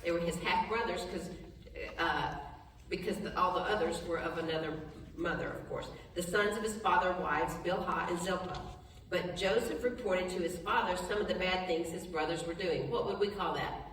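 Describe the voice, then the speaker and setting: A woman leading a Bible study, reading scripture aloud and stopping to explain it in plain, chatty words. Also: fairly low pitch. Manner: plain talk with restarts, brief laughs, soft and slow in prayer. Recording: echoey hall, voice from far off.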